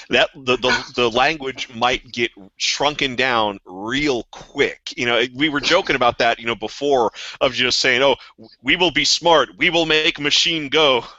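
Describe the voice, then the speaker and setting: A man's voice: medium pitch, bright, forceful tone, dry recording. A man co-hosting a podcast, musing thoughtfully in a casual way. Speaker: podcast co-host. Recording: dry, dull lo-fi podcast audio.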